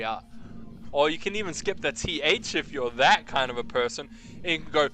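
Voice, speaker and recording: A man's voice: on the high side, expressive, brisk, bright, forceful tone, soft background music. A man from New Zealand streaming a game, chatting with his viewers in a rambling, slangy way, swearing freely and calling them bro. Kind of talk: casual game stream chat.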